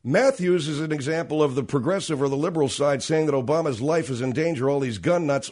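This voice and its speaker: A man's voice: a little high, fast, hardly any pauses, a little mellow. A man hosting a talk radio show, delivering an opinionated, sarcastic monologue and acting out the voices of people he quotes.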